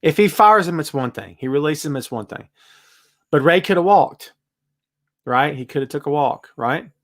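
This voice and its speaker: A man hosting a casual live-stream chat, reading viewer comments aloud and answering them in an animated, emphatic way. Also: normal speed. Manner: wide swings in pitch and loudness, emphatic. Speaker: host.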